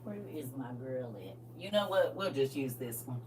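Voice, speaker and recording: A woman's voice: a bass voice, lively intonation, normal speed, far from the mic, background noise. A middle-aged woman chatting on her livestream, playful and boisterous, laughing often. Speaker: livestream host. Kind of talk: casual livestream chat. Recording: voice from away from the mic.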